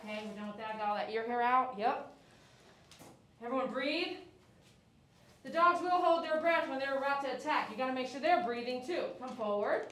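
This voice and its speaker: A woman live-streaming from a grooming salon coos gentle praise at the dog she is grooming while also giving it firm commands. She has a high-pitched voice, picked up from a distance by a mic set back in an echoey room, with a little hiss or hum.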